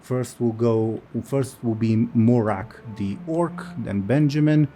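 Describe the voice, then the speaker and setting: Slow, halting man narrating a game. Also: mid-range voice, dark tone, faint music behind. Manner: unhurried, halting with fillers. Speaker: game master.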